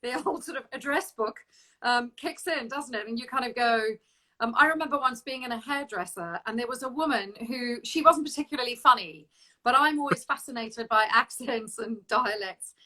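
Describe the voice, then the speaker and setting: Woman host chatting, high bright voice, laughs a lot. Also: moderate pace, rough recording. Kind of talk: casual interview chat.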